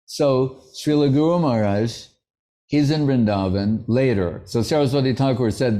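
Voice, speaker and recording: Mellow-voiced man giving a relaxed devotional talk. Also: mid-range voice, normal speed. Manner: conversational, anecdotal, playfully acts out quotes. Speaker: spiritual teacher. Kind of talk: devotional lecture.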